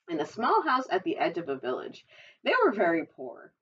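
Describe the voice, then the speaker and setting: A librarian reading a children's storybook aloud, adding chatty, giggly asides. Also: female voice, lowish voice, wildly swooping pitch, brisk, fairly bright tone, slight background noise. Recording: dull, distant recording.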